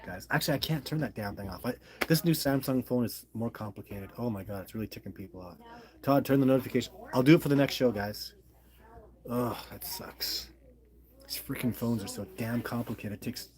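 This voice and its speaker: A man's voice: mid-range voice, darkish tone. A middle-aged man hosting a casual livestream, chatting and reading viewer comments aloud in a friendly, apologetic way. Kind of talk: casual live-stream chat.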